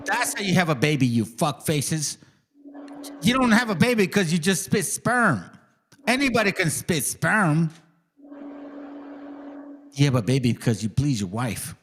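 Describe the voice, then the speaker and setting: A man's voice: fairly high pitch, big pitch swings, a little slow, long pauses, fairly bright tone, slight background noise. A man hosting a casual reaction commentary, ranting heatedly and swearing constantly. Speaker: stream host.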